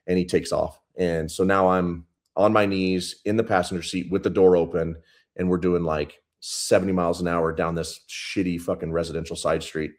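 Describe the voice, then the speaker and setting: Deep-voiced man in his thirties, police sergeant, blunt and profane interview guest. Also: steady tone, a little fast. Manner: blunt, profane, intense retelling. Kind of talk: casual storytelling interview.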